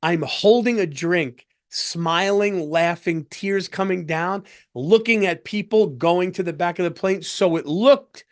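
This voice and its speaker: A middle-aged man hosting a comedy podcast, telling a story in an animated way, stumbling over restarts and breaking into laughter. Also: high voice, a little slow.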